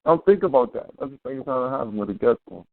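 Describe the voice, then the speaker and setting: A man's voice: medium pitch, expressive, very fast, vocal fry, no echo. A man hosting a casual talk radio show, loose and slangy, repeating his phrases. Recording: tinny phone line.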